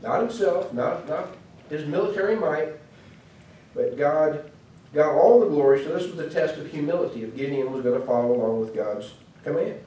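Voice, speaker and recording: On the high side and mellow, this man's voice moves at normal speed over a little hiss or hum. A preacher with a Midwestern American accent, he tells his sermon lesson conversationally, full of asides, in an echoey church hall recorded from a far-off mic.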